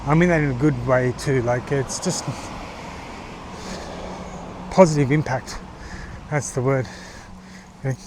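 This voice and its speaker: A man in his forties with an Australian accent, vlogging in a casual, halting monologue full of fillers and restarts, from a car on the road. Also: medium pitch, background noise. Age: 40s.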